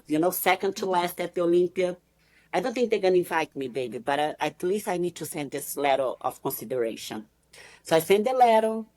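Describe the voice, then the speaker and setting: Low-voiced woman with a Brazilian accent. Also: dry recording. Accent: Brazilian Portuguese. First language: Portuguese. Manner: animated, acts out quoted voices, many "you know, like" fillers. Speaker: podcast guest, bikini competitor. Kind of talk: casual interview storytelling.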